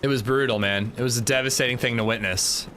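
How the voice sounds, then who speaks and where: A man's voice: medium pitch, fairly even intonation, fast, pushed and bright, a little hiss or hum. A man livestreaming a game, chatting casually and thanking viewers. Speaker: streamer. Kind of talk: casual livestream gaming chat.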